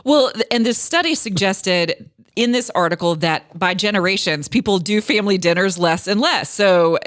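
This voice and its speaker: A woman's voice: mid-range voice, normal speed, a bit bright, no echo, clean studio sound. A woman in her forties co-hosting a casual radio podcast, telling stories with frequent laughter. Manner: giggly, rambling storyteller. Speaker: radio co-host.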